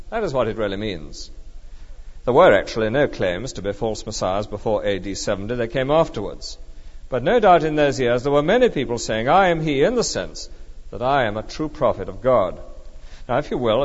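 Man preaching, lively up-and-down delivery, emphatic and measured, long church echo, muffled old recording. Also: medium pitch. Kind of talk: sermon.

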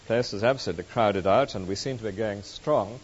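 A man preaching a sermon, telling stories in a measured, expressive way. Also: on the low side, breathy edge. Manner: measured, expressive storytelling delivery. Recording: muffled recording with long hall reverb.

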